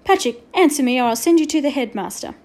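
A woman's voice: high-pitched, lively intonation, quick pace, darkish tone. A woman reading aloud and voicing a strict, fed-up female teacher in a storybook. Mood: scolding. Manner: scolding, indignant.

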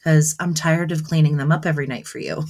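A woman's voice: low-pitched, steady tone, fairly quick, darkish tone. A woman in her thirties from Southern New Jersey, co-hosting a casual podcast chat, talking in a chatty way with frequent laughs. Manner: chatty, laughs often, acts out her own lines to her kids. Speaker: podcast co-host.

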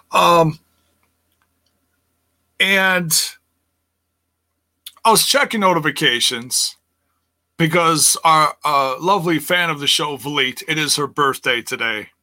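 Bright-voiced man ranting on a podcast. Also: no room sound. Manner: ranting, swears freely, mocks others in a high voice. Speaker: podcast host. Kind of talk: casual solo podcast rant.

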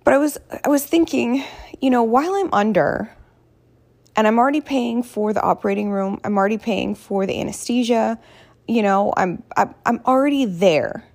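Chatty and self-mocking, a woman tells stories while hosting her podcast in a casual chat from home rather than her normal podcasting room. Her voice is a little high and a little mellow, at a moderate pace.

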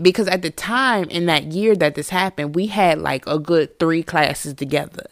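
A woman podcast host telling a storytime monologue in a candid, profane, animated way. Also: low-pitched, moderate pace, few pauses, dry recording, studio quality.

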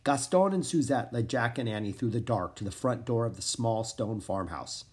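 A man's voice: mid-range voice, normal speed, breathy edge. A man reading a children's chapter book aloud as narrator, acting out the characters' lines. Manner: expressive, acts out the characters' lines. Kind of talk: storybook read-aloud.

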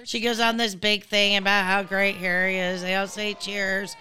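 A woman's voice: medium pitch, flat delivery, normal speed, pushed and bright, a little hiss or hum. A woman hosting a podcast, recapping a show in a chatty, blunt, profane way that wanders off on tangents. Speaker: podcast host. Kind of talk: casual recap commentary.

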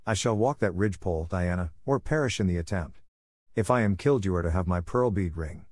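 A man's voice: low voice, expressive, brisk, a little mellow, no room sound. A man reading as an earnest, dramatic orphan girl. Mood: solemn. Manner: earnest, solemn and wordy. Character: imaginative, dramatic orphan girl around eleven.

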